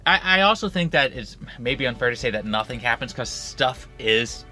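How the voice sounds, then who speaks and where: A man's voice: mid-range voice, lively intonation, moderate pace, sharp tone, faint music behind. A man co-hosting a casual book club podcast, stumbling over starts and laughing often. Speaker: podcast co-host.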